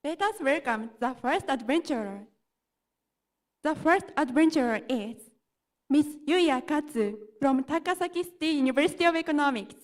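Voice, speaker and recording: High-voiced woman emcee. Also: expressive, normal speed. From Japan. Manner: ceremonious, repeats the title. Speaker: master of ceremonies. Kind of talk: formal announcing.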